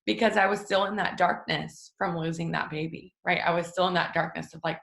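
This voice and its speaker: Chatty young woman, gravelly low voice. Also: steady tone, a little fast, few pauses, fairly bright tone. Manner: chatty and emotional, many fillers. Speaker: devotional host. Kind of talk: casual faith talk. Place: family home. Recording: roomy echo.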